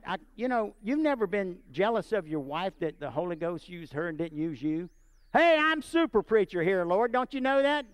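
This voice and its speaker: A man preaching and telling a personal story, animated and often checking in with his listeners. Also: on the high side, no echo. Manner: animated, asks the audience often. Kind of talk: sermon storytelling.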